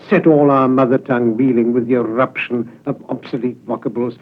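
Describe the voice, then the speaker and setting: A man reciting his own poetry in a declamatory way, booming some lines and letting others trail off low. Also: steady tone, fairly quick, hardly any pauses. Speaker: poet. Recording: tinny lo-fi archival radio recording.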